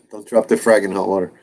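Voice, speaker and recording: Joking low-voiced man on a live chat. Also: a little hiss or hum. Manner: joking, asks quick questions. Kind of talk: casual live-stream chat.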